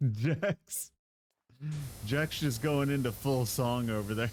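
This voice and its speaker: A male streamer chats loosely with his viewers, breaking into giggles as he goes. He talks at an unhurried, drawn-out pace into a desk mic, with a faint hum underneath. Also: medium pitch. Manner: playful and giggly, laughs often. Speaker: live streamer. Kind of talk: casual stream chat with viewers.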